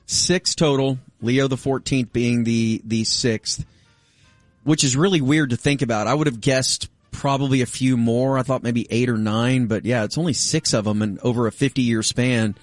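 A man's voice: mid-range voice, normal speed, no echo. A man co-hosting a radio talk show, joking and teasing in casual banter. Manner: jokey, teasing, leads the segment.

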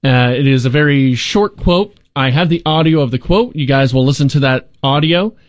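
A man hosting a casual chat game, explaining the rules at length in a relaxed way. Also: mid-range voice, normal speed, no echo, studio quality. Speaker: game host.

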